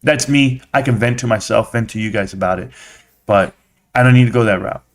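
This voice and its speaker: A man's voice: mid-range voice, brisk. A man hosting a casual live stream, chatting with viewers as a slangy, blunt storyteller.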